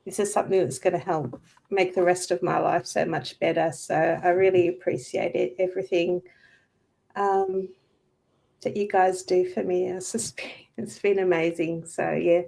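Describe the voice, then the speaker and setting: Gravelly-voiced woman, emotional and near tears. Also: on the low side, expressive, moderate pace, dark tone. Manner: heartfelt, tearful, thankful. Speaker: guest. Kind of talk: casual livestream chat.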